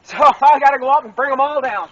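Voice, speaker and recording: A man's voice: very high voice, quick pace. A man filming himself on his homestead, talking to the camera while he works and calls to his pig. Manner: talks to camera while working, coaxing and calling out to his pig. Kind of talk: handheld outdoor vlog narration. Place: outdoors in brush on a farm. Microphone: camera mic, handheld and then set on a tree. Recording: dull lo-fi outdoor camera audio with clear background noise.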